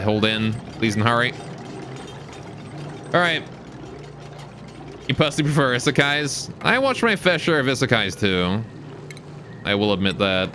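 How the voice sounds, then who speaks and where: A man's voice: medium pitch, noisy background. A man from Britain whose accent has turned mostly Canadian, chatting casually and rambling on a live game stream while answering viewer questions. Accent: British, now mostly Canadian.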